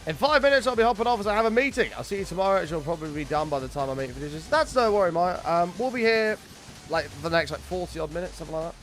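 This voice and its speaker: Chatty, sweary streamer. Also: male voice, high-pitched, expressive, a bit bright, soft background music. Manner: chatty storytelling, sweary, quick to greet viewers. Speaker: game streamer. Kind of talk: casual chat with live chat while gaming.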